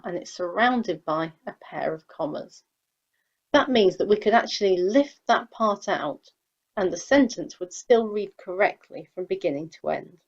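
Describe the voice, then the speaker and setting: A woman's voice: on the low side, dull audio. A woman teacher explaining sentence structure in a recorded grammar lesson, patiently reading example sentences aloud. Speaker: English teacher.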